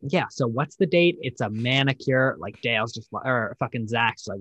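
A young man rambles through a dating-show recap with plenty of swearing and mocking voices. His pitch sits mid-range. The sound is dry and close, with no room echo. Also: moderate pace, hardly any pauses, fairly bright tone. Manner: rambling, profane, acts out quotes in mocking voices. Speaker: podcast host.

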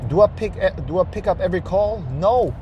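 A man's voice: high-pitched, animated, fairly quick, lo-fi sound, slight background noise. A man giving blunt dating advice to camera outdoors, swearing freely and repeating phrases for emphasis. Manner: profane, preachy, repeats himself for emphasis.

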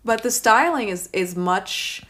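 A woman in her thirties co-hosting a podcast, casually chatting about movies, animated and swearing freely. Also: mid-range voice, measured pace. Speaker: podcast co-host.

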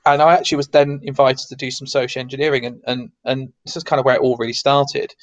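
A man's voice: mid-range voice, flat delivery, fast talker, no room sound, muffled recording. A man from the south of England with a neutral English accent, chatting as an interview guest and rambling with many restarts. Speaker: guest, security consultant. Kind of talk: casual interview chat.

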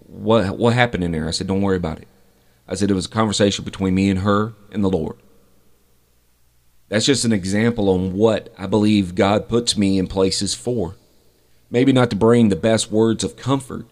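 A middle-aged man hosting a podcast, telling a faith story from his fire service days in an earnest, unhurried way. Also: fairly low pitch. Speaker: podcast host. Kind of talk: faith testimony, podcast monologue.

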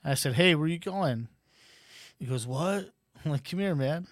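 A man guest telling a personal story casually, with many fillers and animated quotes. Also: a little high, moderate pace, dry recording.

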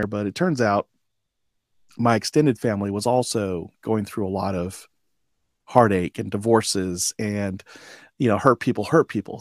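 Male guest, 40s, low-pitched voice, dry close sound; candid, rambling personal story with frequent fillers. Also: a little mellow, no echo. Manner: reflective, loose, with many fillers like "um" and "you know". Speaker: podcast guest, combat veteran. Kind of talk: telling his life story in a conversation.

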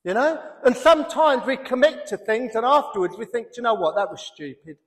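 A pastor preaching a sermon in an animated way, breaking into comic voices and building to loud emphasis. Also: male voice, very high-pitched, fairly quick. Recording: long hall reverb.

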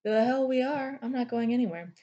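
A woman's voice: on the high side, a little fast, dark tone, lo-fi sound, voice pushed up, natural voice. A woman voicing an arrogant, sarcastic male elemental king who speaks in a curt, contemptuous, mocking way. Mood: scornful.

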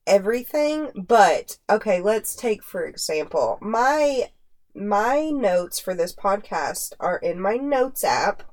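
A woman hosting a podcast in casual chat, animated and quick to laugh. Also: mid-range voice. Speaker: podcast host.

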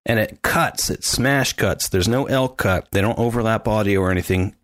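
A man co-hosting a podcast in casual chat, animated and mimicking sounds as he describes scenes. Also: fairly low pitch, moderate pace, dry recording, studio quality. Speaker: podcast co-host.

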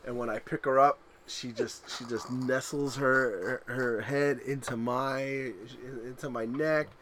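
A man in his thirties co-hosting a podcast, telling animated family stories in casual chat and laughing loudly at them. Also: mid-range voice, measured pace, a little hiss or hum. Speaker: podcast co-host.

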